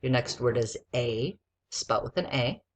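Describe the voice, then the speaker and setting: A woman's voice: rumbling low, animated, a little slow, slightly rough. A woman teacher giving a spelling lesson to a child, patiently spelling words out letter by letter.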